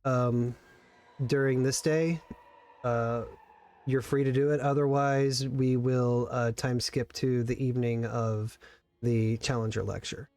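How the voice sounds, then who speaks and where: A man acting as game master, narrating and explaining slowly with many pauses and fillers. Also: medium pitch, little pitch movement, darkish tone. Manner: slow and halting, many ums.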